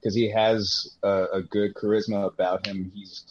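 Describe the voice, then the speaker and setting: A man talks casually as a podcast guest, with a lowish voice that often trips over its first words before he gets going. His mic sounds dull and lo-fi, muffling the top end. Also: flat delivery, moderate pace, a little mellow, slight background noise. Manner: stammering restarts, laughs into his own stories. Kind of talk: casual chat.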